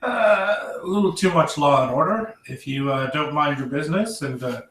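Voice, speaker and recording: A proud little female dwarf barkeep in a tabletop game, talking up her merchant town in a halting way full of fillers, as a man puts her on. She sounds like she is caught from across an echoey room by a distant mic. A faint hiss sits under her voice. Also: on the high side, a bit bright, close to an everyday voice. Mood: matter-of-fact.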